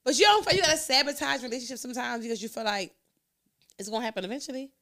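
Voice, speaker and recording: A woman hosting a podcast in casual chat, blunt and animated, laughing often. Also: a little high, rapid-fire. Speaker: podcast host.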